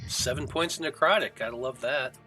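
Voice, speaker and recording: Bright-voiced man running a tabletop game. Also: medium pitch, brisk, husky, soft background music, poor audio. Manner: casual, hesitant with fillers. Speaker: game master.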